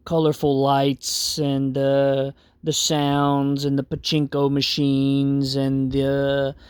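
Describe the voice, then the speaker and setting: Casual game master narrating, higher voice. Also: male voice, clear, resonant tone, dry recording. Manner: casual, rambling, many fillers.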